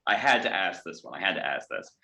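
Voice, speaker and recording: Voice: sits low, sing-song, fast talker, creaky, bright, forceful tone. An interviewer asking questions in a playful, lightly teasing way.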